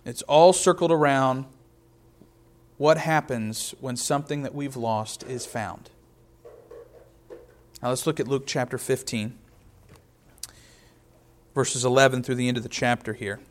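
A man's voice: mid-range voice, unhurried, long pauses. A man in his thirties preaching a sermon in a conversational way, telling personal stories. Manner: conversational, storytelling with personal anecdotes. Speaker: pastor.

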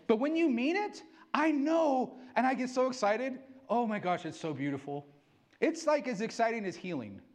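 A middle-aged male pastor giving an excitable sermon, acting out quotes as he preaches. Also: very high voice, normal speed.

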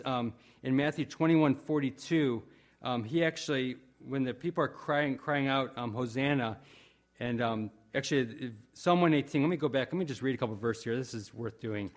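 A man preaching a sermon in a conversational, earnest way, often pausing with fillers and restarting his sentences. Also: medium pitch. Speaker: pastor.

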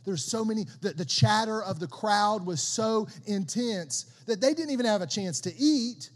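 A man with a high voice preaches in a casual, animated way, talking to the congregation like friends and stumbling over repeated words as he pushes a point. His voice rings with the long reverb of a church hall. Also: normal speed. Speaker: pastor. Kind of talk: sermon.

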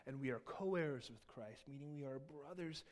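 A man preaching a Christmas sermon, telling a personal story and swinging between loud emphatic peaks and soft, low asides. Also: normal speed. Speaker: pastor.

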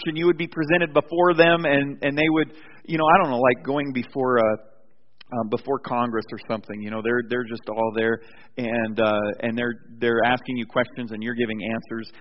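A male pastor preaching a sermon with animated storytelling, often restarting his sentences, in a church sanctuary. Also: fairly high pitch. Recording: dull recording with long hall reverb.

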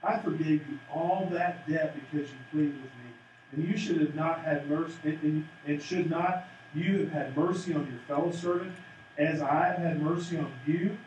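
A man preaches a sermon, his voice pitched high and lively as he acts out each character. He is heard from a distance across a strongly echoing sanctuary, with a faint hum of room noise underneath. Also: moderate pace, dull audio. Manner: animated, acts out the parable's voices. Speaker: pastor. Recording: echoey room from far off.

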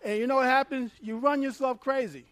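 A man preaching a sermon as pastor, animated and laughing as he acts out little dialogues. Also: very high-pitched, brisk, no room sound.

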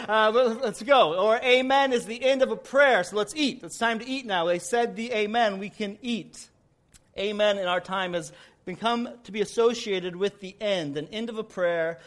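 A man with a high voice preaches from the pulpit. He is folksy and likes to joke, telling stories to make his point. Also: fairly bright tone. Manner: folksy, joking storyteller. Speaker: pastor. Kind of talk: sermon.

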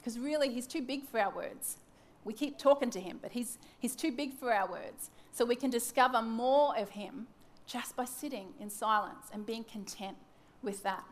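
Woman, thirties, devotional teaching talk, candid, self-mocking, fairly high voice. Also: moderate pace, few pauses. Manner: candid, self-mocking, acts out her own scattered thoughts. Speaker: church teacher.

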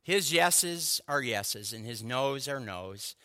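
A man preaching a sermon from the pulpit, with slow, emphatic stresses on key words. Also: medium pitch, animated, bright, forceful tone. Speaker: pastor. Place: church sanctuary. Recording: long hall reverb.

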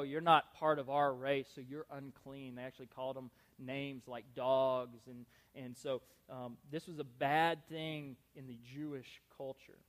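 A young adult man preaching a sermon, animated and conversational, often repeating words and restarting phrases. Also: mid-range voice. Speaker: pastor.

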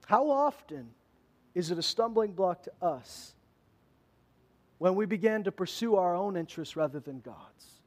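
A man preaching to his congregation with a high-pitched voice. He talks in a casual, conversational way and pushes his voice up to stress his points. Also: unhurried. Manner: animated, conversational preaching with emphatic rises. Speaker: pastor. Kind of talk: sermon.

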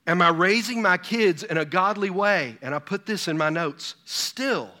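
A man's voice: high voice, normal speed, bright, forceful tone. A pastor in his fifties preaching a sermon, full of rhetorical questions and personal stories. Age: 50s.

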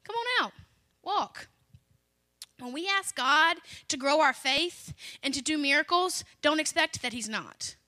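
A young woman, a children's pastor, praying and preaching in a lively way and reading scripture aloud with dramatic jumps in loudness. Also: high-pitched, moderate pace, few pauses, dry recording. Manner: animated, acts out quotes with sudden loud rises. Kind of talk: prayer and sermon with scripture reading.

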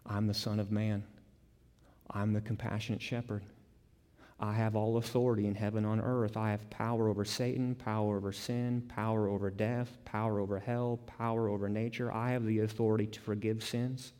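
A man voicing a calm, majestic male divine king in steady, declarative, repeated lines. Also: on the low side, moderate pace, natural voice. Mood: solemn. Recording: long hall reverb.

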